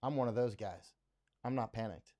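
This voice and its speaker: A man's voice: lowish voice, moderate pace, warm tone. A middle-aged man hosting a live stream, talking bluntly and emphatically, often repeating himself to drive a point home. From United States. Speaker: livestream host. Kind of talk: unscripted live commentary.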